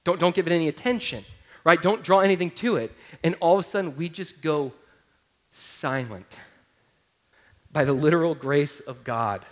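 Pastor with a higher male voice. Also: normal speed. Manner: humorous personal storytelling; conversational, addresses listeners directly. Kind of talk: sermon.

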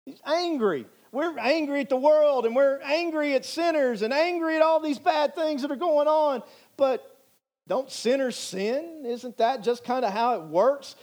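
A man's voice: extremely high pitch, unhurried, darkish tone. A male pastor preaching a sermon in an earnest, emphatic way, repeating phrases for emphasis.

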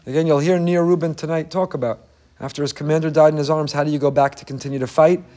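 The rabbi's high, warm voice moves at a quick pace with fairly even intonation as he preaches passionately and emphatically. His English carries Hebrew phrases, and repetition drives each point home.

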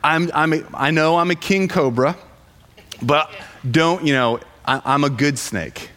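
A man voicing a smooth-talking magic king cobra who pleads and coaxes, in a storytelling voice with long reverb. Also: fairly high pitch, a little slow, a bit bright. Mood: coaxing. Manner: pleading, coaxing.

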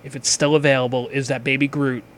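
A man hosting a podcast, chatting casually and reading sponsor spots in a loose, profane, excitable way. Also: medium pitch, quick pace, a little hiss or hum. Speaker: podcast host.

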